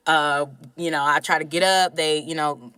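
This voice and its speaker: Podcast co-host, young woman, bright, dry close mic, animated and candid storytelling. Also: deep voice, normal speed, smooth, dry recording. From Georgia, US. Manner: animated, candid, swears casually. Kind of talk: casual storytelling chat.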